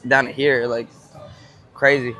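A man's voice: medium pitch, level tone, unhurried, sharp tone. A young man streaming live from a pub, laid-back and thanking viewers as he chats. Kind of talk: casual live-stream chat. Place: Irish pub.

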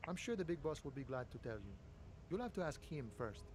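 A chummy, cagey gatekeeper. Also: male voice, on the high side, sing-song, a little fast, a little mellow, slight background noise. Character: chummy male gatekeeper, friendly but cagey.

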